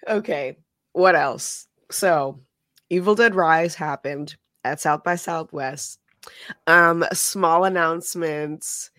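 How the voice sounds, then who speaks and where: A woman with a low voice co-hosts a relaxed podcast chat. She is wry and blunt, and she sounds close and dry with no room echo. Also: slow pace. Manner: wry, laid-back and blunt. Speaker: podcast co-host. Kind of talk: casual chat.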